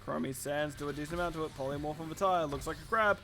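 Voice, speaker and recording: A man calls a live esports match in a fairly high voice, narrating the action in a tired, rambling way and breaking off for self-aware asides. A faint hiss sits under the recording. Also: fast, bright, forceful tone. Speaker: esports caster.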